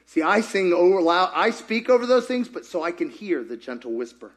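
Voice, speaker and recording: A man preaching a sermon as pastor, animated and full of questions put to the congregation. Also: sits high, a little fast.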